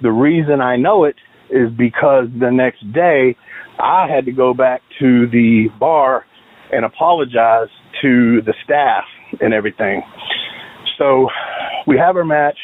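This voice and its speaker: A man hosting a podcast, telling a long story in a relaxed, steady way. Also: mid-range voice, measured pace, no echo, phone-quality sound. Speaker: podcast host. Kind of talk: casual storytelling.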